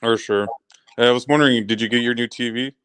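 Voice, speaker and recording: Smooth-voiced man chatting casually. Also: mid-range voice, fairly even intonation, fairly quick, fairly bright tone. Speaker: live stream guest. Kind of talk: casual chat.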